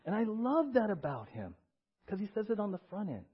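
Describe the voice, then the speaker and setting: A man preaching a sermon as pastor in a church, animated, acting out little voices and asking the congregation questions. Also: sits high, brisk, breathy edge, highs cut off. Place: church sanctuary.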